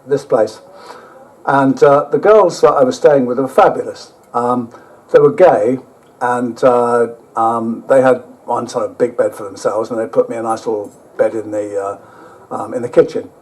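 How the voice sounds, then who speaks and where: An older man giving a rambling travel talk with slides, halting often and dropping blunt, sweary asides. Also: mid-range voice, steady tone, poor audio. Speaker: guest speaker.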